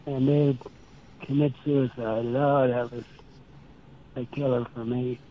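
An older man from Nebraska tells earnest stories in an interview, slowly acting out his past conversations. His voice comes through a thin, tinny line, as if on the phone. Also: mid-range voice, level tone, slight background noise. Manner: slow, earnest storytelling with quoted dialogue. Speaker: interview guest. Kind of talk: storytelling interview.

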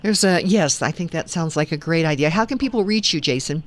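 With a deep voice, lively intonation, and a fairly quick pace, a woman runs a conservative talk radio program, speaking conversationally and often restarting or using fillers.

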